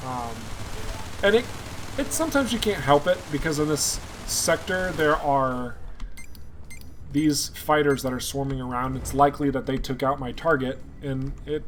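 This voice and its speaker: A man's voice: mid-range voice, background noise. A young man giving casual live commentary on a game, chatting with viewers. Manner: chatty, talks to chat viewers by name. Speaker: gameplay streamer.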